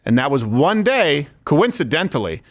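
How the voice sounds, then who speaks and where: A man's voice: on the high side, normal speed. A man hosting a political talk show, talking casually, joking and laughing with his co-hosts. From United States. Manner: lively, joking, laughs often. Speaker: host.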